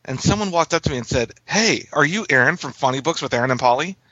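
A man's voice: a little high, animated, quick pace, heavy background noise. A man co-hosting a podcast, wryly teasing the others in casual banter. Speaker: podcast co-host. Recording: dull lo-fi sound.

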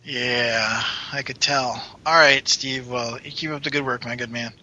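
A man's voice: mid-range voice, steady tone, measured pace, bright, forceful tone. A man playing in a tabletop role-play, joking and casual. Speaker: player. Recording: dull lo-fi.

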